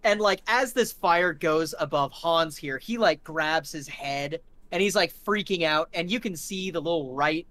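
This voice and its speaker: A man's voice: on the high side, measured pace, a bit bright. A man running a tabletop game as game master. He paints gory scenes in vivid detail, full of fillers and restarts.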